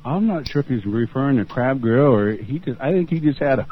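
A man banters on a radio show in a slow, laid-back drawl. His voice comes through dull and a little lo-fi. He sounds relaxed the whole time. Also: medium pitch, husky.

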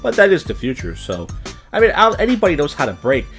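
A man's voice: fairly high pitch, wildly swooping pitch, fast, fairly bright tone, soft background music. A man hosting a comedy podcast, reading odd news stories and adding sardonic, rambling asides. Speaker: podcast host. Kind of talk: casual comedic news commentary.

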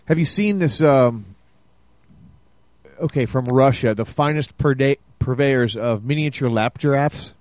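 A laid-back man co-hosting a casual podcast, often laughing as he talks. His voice sits in a middle pitch. The sound is dry and close. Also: a little slow, darkish tone, dry recording. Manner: laid-back, laughing, reads a listing aloud in a mock accent. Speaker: podcast co-host. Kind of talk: casual chat.

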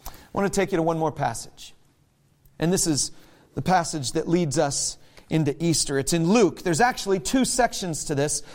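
A man preaching a sermon, conversational and emphatic, acting out quotes with sudden jumps in pitch. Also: animated, moderate pace, darkish tone. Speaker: pastor.

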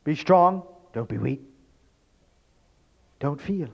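Guy giving a talk, rhetorical, goes loud then quiet, kinda muffled lo-fi audio. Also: a little high, lively intonation, slow, vocal fry. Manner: emphatic, rhetorical, swings from loud to hushed. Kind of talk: spoken lecture to an audience. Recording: dull lo-fi recording.

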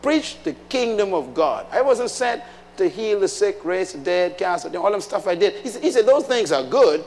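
A man's voice: high voice, very animated, moderate pace, vocal fry. A man preaching a sermon, emphatic, putting questions to the congregation. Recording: long hall reverb.

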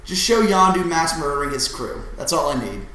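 A man's voice: a little high, expressive, a little fast, bright, forceful tone, slight background noise. Blunt young man ranting in an echoey room. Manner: opinionated, blunt, swears. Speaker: podcast co-host. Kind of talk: casual chat.

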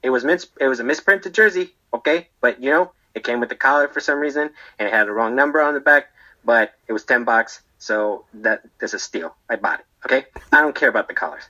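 A man's voice: medium pitch, brisk, sharp tone, low-quality recording. A man playing a rambling, defensive barber in prison who tells his story in a comedy monologue and keeps tagging his lines with "okay?" and "right?". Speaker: storyteller being interviewed.

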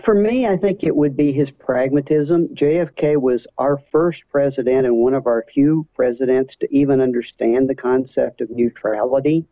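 A man answering interview questions in a dry, measured way. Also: medium pitch, lo-fi sound. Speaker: guest.

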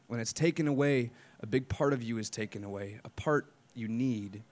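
A man from Chicago performing spoken word poetry at a live open mic, with rhythmic repeated lines and crude, joking asides. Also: mid-range voice. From Chicago, United States.

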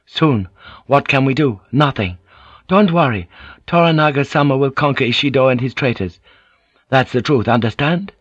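A man's voice: medium pitch, moderate pace, fairly bright tone, no room sound, pitched above the performer's own voice, natural voice. A man voicing a tense, stern male samurai officer who speaks in a clipped, insistent way. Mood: friendly. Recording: dull lo-fi audiobook recording.

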